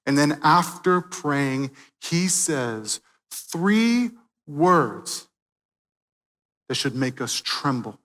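A man preaching a sermon, swinging from loud, emphatic peaks to quiet, hushed moments. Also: on the high side, sing-song, very slow, long reverb tail. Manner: dynamic preaching, swelling loud then dropping soft.

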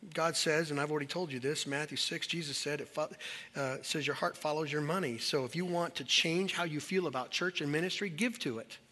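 A man preaching to his congregation in a bright, forceful voice that sits a little high. He talks conversationally but drives his points home with emphatic, building repetition. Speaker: pastor. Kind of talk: sermon. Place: church service.

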